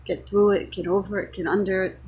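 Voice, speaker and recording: A woman's voice: medium pitch, little pitch movement, fairly quick, a little mellow, slightly rough, muffled recording. A woman giving an earnest, unscripted spiritual monologue, speaking her thoughts as they come to her. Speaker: vlogger sharing spiritual reflections.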